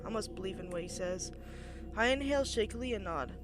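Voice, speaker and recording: Expressive woman streamer reading a game. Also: medium pitch, brisk, music in the background. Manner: expressive, bursting into loud reactions. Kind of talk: reading a visual novel aloud with reactions.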